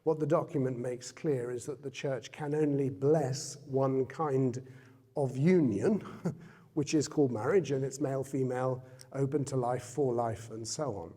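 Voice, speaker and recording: A man's voice: medium pitch, a little slow, mellow. A man giving a public talk as a guest speaker in a Jesuit centre hall, speaking conversationally and asking the audience questions. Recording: reverberant hall.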